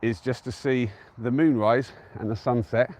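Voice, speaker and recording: A man's voice: mid-range voice, steady tone, moderate pace, a little mellow. A man from England chatting casually on a live stream from an open hilltop, easygoing and answering viewers' comments as he goes. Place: outdoors on a windy-free open hilltop at a trig point.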